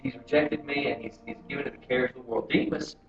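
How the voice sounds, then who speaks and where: A man in a men's Bible group sharing his thoughts casually, thinking out loud in a reflective way. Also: medium pitch, steady tone, fast talker. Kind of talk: casual testimony. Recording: far-off echoey lo-fi room recording.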